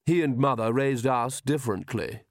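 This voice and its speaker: A smug young gentleman vampire from a storybook, fussy and faintly mocking, as a male reader puts him on. His voice sits at a middling pitch and sounds close and dry. He drawls with lazy amusement. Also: moderate pace, no room sound, close to an everyday voice. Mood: smooth, amused.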